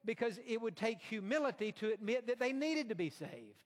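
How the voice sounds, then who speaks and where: A male preacher delivers a sermon with earnest, deliberate emphasis. His voice sits high for a man. A long reverb hangs after each line, as in a large hall. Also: very animated. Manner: earnest, slow emphatic delivery with quoted asides.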